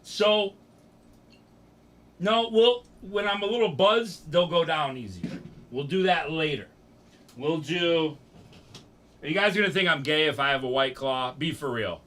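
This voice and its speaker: A man's voice: a little high, measured pace, long pauses, fairly bright tone. A young man, rambling and joking profanely as he chats with his livestream audience. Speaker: streamer. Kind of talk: casual livestream chat.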